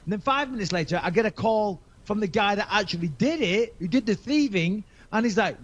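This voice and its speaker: English man, forties, fairly high voice, slightly dull sound, profane animated storytelling, podcast host. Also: fairly quick, hardly any pauses. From England. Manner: animated, profane, acts out both sides of phone calls. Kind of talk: casual storytelling.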